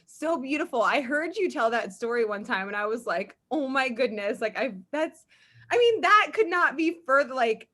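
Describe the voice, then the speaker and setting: A woman's voice: high voice, lively intonation, normal speed, sharp tone. A woman hosting an interview, talking in an effusive, casual way and often saying "like". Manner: effusive, heavy filler "like". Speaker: podcast host.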